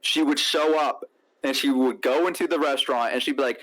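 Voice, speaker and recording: A man's voice: mid-range voice, brisk. Young man telling a story animatedly. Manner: animated storytelling, acts out quotes. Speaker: streamer. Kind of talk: casual storytelling. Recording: crunchy lo-fi mic.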